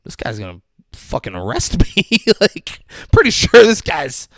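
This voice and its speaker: A man co-hosting a podcast, casually recapping a TV episode with animated, profane retellings and frequent laughs. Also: on the high side, unhurried, no echo. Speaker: podcast co-host.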